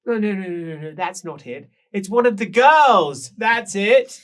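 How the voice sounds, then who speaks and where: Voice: mid-range voice, animated, unhurried, a bit bright, pitched above the performer's own voice. The game master voicing a scatterbrained, theatrical noblewoman who exclaims and repeats herself. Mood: gushing. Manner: sing-song, exclamatory, repeating words.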